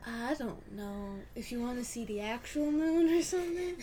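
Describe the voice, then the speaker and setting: A woman's voice: a little high, expressive, moderate pace, mellow, slight background noise. A woman co-hosting a podcast in casual chat, talking loosely with many fillers and frequent laughter. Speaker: podcast co-host.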